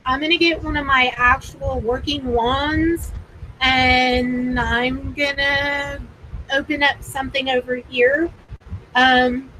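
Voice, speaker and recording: A woman with a high voice hosts a live paranormal stream, talking slowly and unhurriedly. She gets excited, laughs easily and keeps repeating herself. Faint noise hums behind her. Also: poor audio. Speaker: paranormal livestream host. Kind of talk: live paranormal session chat.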